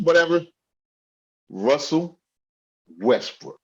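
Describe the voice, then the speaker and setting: Man, sports podcast co-host, high lively voice, husky, ranting, lo-fi audio. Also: measured pace. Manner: animated, ranting, often yelling. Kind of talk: heated sports talk.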